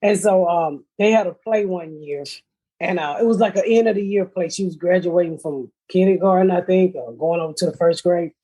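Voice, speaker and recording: A middle-aged woman with a husky, slightly breathy voice hosts a casual podcast chat. She tells comic stories bluntly, full of profanity, and laughs as she goes. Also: fairly low pitch, fairly quick, mellow. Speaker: podcast host. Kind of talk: casual comedic storytelling.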